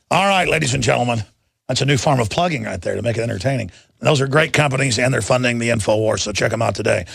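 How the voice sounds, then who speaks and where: A man's voice: medium pitch, quick pace, gravelly, fairly bright tone, slightly rough, no room sound. A man hosting a talk radio show, ranting and sarcastic as he reads headlines, plugs sponsors and takes calls on a studio mic.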